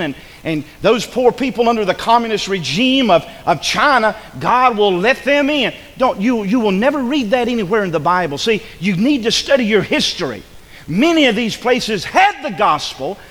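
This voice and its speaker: Male preacher, high voice, repeats key lines, urgent sermon, echoing church hall. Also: fairly bright tone. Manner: preachy, repeats phrases for emphasis, builds to urgent crescendos. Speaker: pastor.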